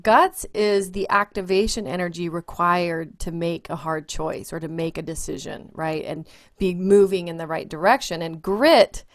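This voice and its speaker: A woman's voice: on the low side, normal speed. A woman hosting a business podcast, chatting with her guest in an affirming, conversational way with light humor. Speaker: podcast host, attorney. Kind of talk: interview chat.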